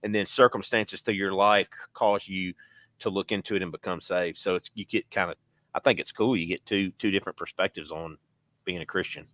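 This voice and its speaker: Low-voiced man musing on faith. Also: fairly even intonation, brisk, fairly bright tone, no echo. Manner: rambling, reflective, restarts often. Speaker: podcast co-host. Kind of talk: casual faith podcast chat.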